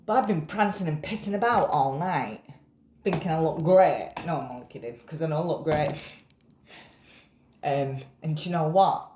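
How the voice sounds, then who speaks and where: A woman's voice: sits low, moderate pace, a little mellow, roomy sound, slight background noise. A tired woman rambling in a casual vlog, self-mocking and swearing casually. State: tired after a night up. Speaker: vlogger.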